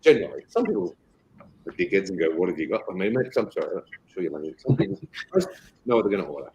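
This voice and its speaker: A man with an Australian accent, a guest on a casual podcast interview, rambling and animated as he tells stories. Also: sits low, quick pace, vocal fry, a little hiss or hum, low-quality recording. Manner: animated, rambling, quotes others in acted voices. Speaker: association chief guest.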